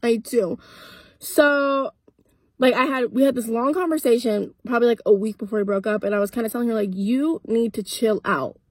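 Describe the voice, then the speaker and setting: An eighteen-year-old woman tells a storytime vlog to her followers, blunt and casual, cursing and acting out both sides of the arguments. Her voice is a touch high and husky. The sound is dry and close. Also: normal speed, dry recording. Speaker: content creator.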